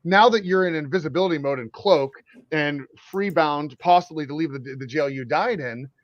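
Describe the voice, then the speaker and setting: A middle-aged man co-hosting a podcast, talking casually in animated bursts and going on a passionate rant. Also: a little high, no echo. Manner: animated, ranting, quick bursts. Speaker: podcast co-host. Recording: dry, slightly dull audio.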